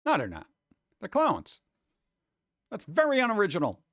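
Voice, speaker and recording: Man streaming casual chat, higher-pitched voice, dry close sound, rambling and jokey. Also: wildly swooping pitch, moderate pace, a bit bright, dry recording. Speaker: streamer chatting with viewers.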